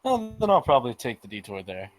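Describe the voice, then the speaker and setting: Polite measured man player. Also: medium pitch, very animated, soft background music. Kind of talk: tabletop role-play.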